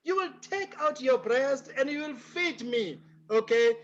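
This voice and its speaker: Emphatic South African man, high voice. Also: expressive, measured pace, dull audio. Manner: emphatic, mixes in Zulu phrases, laughs often. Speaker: guest speaker. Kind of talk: lecture answer, animated.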